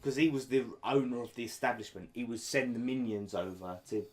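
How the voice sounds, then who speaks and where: A man's voice: medium pitch, a little fast, a little mellow. A man co-hosting a podcast, telling a story in casual, sweary chat. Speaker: podcast co-host.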